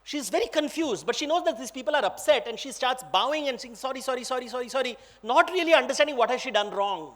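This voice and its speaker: A man's voice: very high-pitched, quick pace, few pauses. A man with an Indian accent, a guest speaker telling a myth to a big audience. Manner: lively, dramatic storytelling. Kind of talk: storytelling talk. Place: large auditorium.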